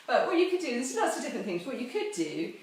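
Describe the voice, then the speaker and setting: A woman with a high, very animated voice talks fast as she cheerfully runs a kids' church lesson at home, playfully explaining things step by step as a chapel children's assembly leader. The home video moves between indoors and a garden course, filmed by a helper holding the camera some distance away, so the sound is echoey and distant with a bit of hiss.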